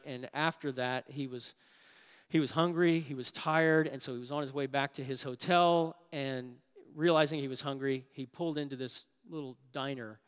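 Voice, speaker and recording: Pastor preaching in a reverberant hall. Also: male voice, medium pitch, smooth. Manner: storytelling, swings from hushed to emphatic. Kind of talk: sermon.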